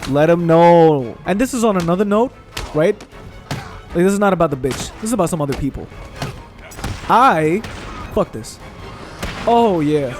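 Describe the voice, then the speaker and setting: A young man commentates on a video game while venting in a heated, profane rant full of repeated asides. His voice sits a little on the high side. Soft game music plays in the background. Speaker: gaming streamer. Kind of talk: let's play commentary rant.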